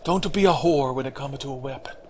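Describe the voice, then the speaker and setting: A man's voice: mid-range voice, brisk, a little hiss or hum, natural voice. A man voicing a blunt, dismissive game director in a raised, clipped voice. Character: gruff grumpy male game director, blunt.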